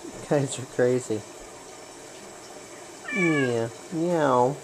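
A woman's voice: low-pitched, a little slow, background noise. A woman at home by a garden pond, talking to her pets in cooing, teasing baby-talk and playful meows. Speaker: pet owner.

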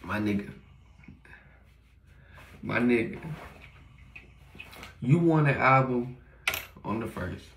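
Young male vlogger, gravelly, slangy and profane, rambling home monologue, echoey room. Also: mid-range voice, expressive, slow, long pauses, noisy background. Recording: roomy echo.

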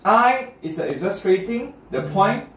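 Brief: male teacher running a lesson, a bit high, in a roomy classroom heard from across the room. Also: very animated, measured pace, fairly bright tone. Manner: checks in often with students, repetitive and encouraging. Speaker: English test teacher. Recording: roomy classroom, mic far off.

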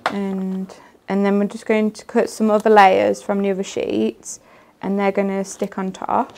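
A soft-spoken woman, casually demonstrating card making and laughing easily. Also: medium pitch, little pitch movement, measured pace, vocal fry.

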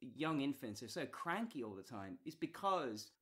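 A man in casual podcast chat. He thinks aloud, circling back and restarting his sentences as he works out a point. His voice sits at a middle pitch. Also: very animated, normal speed, bright, forceful tone. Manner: thoughtful, restarts and trails off. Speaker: podcast co-host.

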